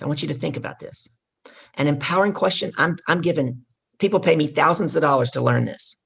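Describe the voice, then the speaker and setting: A woman business coach, a podcast guest, telling a lively story and acting out what people said. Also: low voice, fast, creaky, breathy edge. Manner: animated storyteller who acts out dialogue. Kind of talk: storytelling interview.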